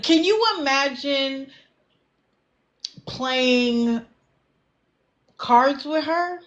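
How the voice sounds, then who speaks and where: A woman's voice: high voice, very slow, a bit bright, lo-fi sound. A woman doing casual livestream commentary, blunt and lecturing, with an exasperated edge. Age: adult, not young.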